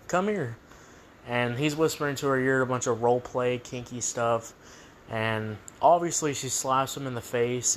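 A man talks through a movie review in a loose, rambling way, often restarting his sentences. His voice sits at a middle pitch. Faint background noise hangs under the recording. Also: fairly bright tone. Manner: rambling, restarts, laughs while retelling scenes. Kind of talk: casual spoken review.

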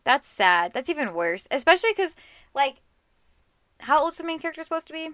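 A young woman co-hosting a casual podcast, reacting with giggles and quick remarks. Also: sits high, sing-song, fairly bright tone. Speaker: podcast co-host. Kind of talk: casual chat.

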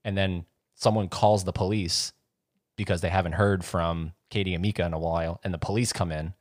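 A man's voice: low voice, fairly even intonation, brisk, no room sound, studio quality. A man in casual chat, rambling as he retells a scene and acts out voices. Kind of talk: casual chat about horror movies.

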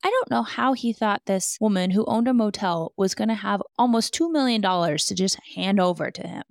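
True crime podcast host, woman, higher voice with some vocal fry, wry and incredulous, dry close-mic read. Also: a little fast, no room sound. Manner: sarcastic, incredulous asides.

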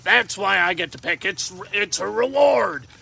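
Man, sports betting host, high gravelly voice, jokey, rambling. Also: lively intonation, measured pace, sharp tone. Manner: jokey, rambling, talks to himself. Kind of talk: casual picks monologue.

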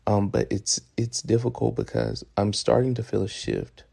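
A young man talks through his solo podcast in a very gravelly, husky voice that sits a little low. His delivery is casual and profane, and he often trips over repeated words as he speaks. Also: level tone, moderate pace, dark tone. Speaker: podcast host.

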